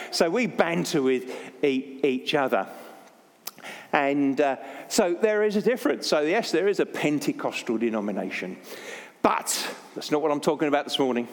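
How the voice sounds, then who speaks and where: A man's voice: fairly high pitch, expressive, moderate pace. An older man preaching as a Baptist pastor, jokey and anecdotal, poking fun at himself. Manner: jokey, anecdotal, self-deprecating. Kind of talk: sermon. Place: church. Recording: long church reverb.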